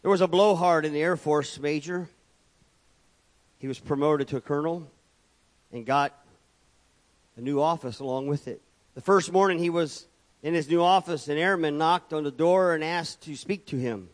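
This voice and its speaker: Male pastor, high-pitched voice, sermon delivery, repetitive rhetorical build-ups. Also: moderate pace, long pauses. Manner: preaching with rhetorical repetition and calls of amen. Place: church.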